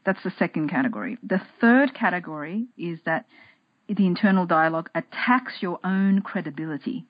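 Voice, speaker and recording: A woman's voice: fairly low pitch, lively intonation, moderate pace, no room sound, muffled recording. A woman guest on a podcast, talking casually and animatedly, acting out her inner voices, often restarting and repeating words. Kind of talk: casual interview talk.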